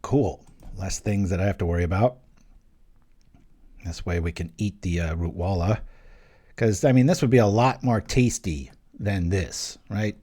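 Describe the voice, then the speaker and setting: Casual young male gameplay host, low and mellow, chatty and thinking aloud. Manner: casual, thinking aloud, quick jokes and small exclamations. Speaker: channel host playing an online card game. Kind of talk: live gameplay commentary.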